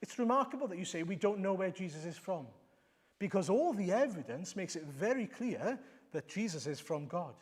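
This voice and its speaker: A man's voice: high voice, sing-song, moderate pace, husky, exaggerated voice. A man preaching voices a healed man born blind, who talks back boldly and with exasperation. A long church echo is behind him. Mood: confident. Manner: emphatic, challenging. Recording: long reverb of a church hall.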